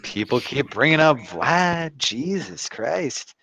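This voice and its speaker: A man's voice: medium pitch, very animated, takes it slowly, sharp tone, husky. A man at a tabletop game, joking around and laughing often. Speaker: player.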